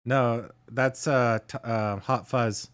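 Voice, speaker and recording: Slow-talking man chatting on a livestream. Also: mid-range voice. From Canada. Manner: relaxed, chuckling often, chatting with viewers. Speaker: livestream host. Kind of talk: casual livestream chat.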